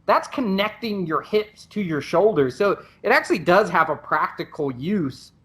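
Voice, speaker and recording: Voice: medium pitch, animated, moderate pace, a bit bright. A podcast co-host and Muay Thai coach, explaining things in a casual way with many restarts. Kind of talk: casual chat.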